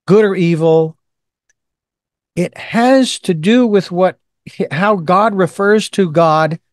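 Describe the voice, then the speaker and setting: A man's voice: sits high, dry recording, clean studio sound. A man hosting an interview, musing reflectively before putting his question to the guest. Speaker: podcast host.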